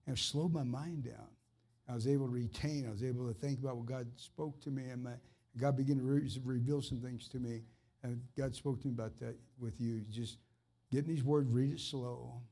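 A man's voice: medium pitch, steady tone, fairly quick, dark tone. A man ministering informally, speaking in an earnest, conversational way as he encourages and prays over someone. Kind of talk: informal preaching and personal ministry.

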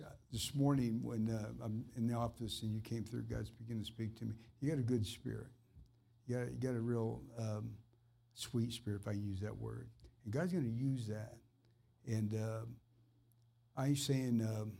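A man's voice: medium pitch, steady tone, moderate pace, vocal fry, mellow, breathy edge. Earnest man preaching informally. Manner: earnest, conversational, fervent. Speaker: minister. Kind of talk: informal preaching and personal ministry.

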